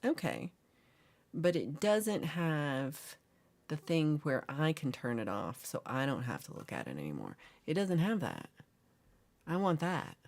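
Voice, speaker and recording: A woman's voice: low-pitched, sing-song, measured pace, a little mellow. A woman hosting a casual livestream, playfully reading and answering chat comments and teasing her viewers. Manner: jokey and teasing. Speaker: livestream host.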